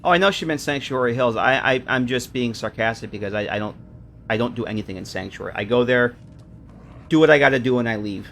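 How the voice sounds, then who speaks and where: A man's voice: medium pitch, quick pace, gravelly, fairly bright tone, slight background noise. A man giving casual, joking commentary while streaming a game, often stumbling over his words.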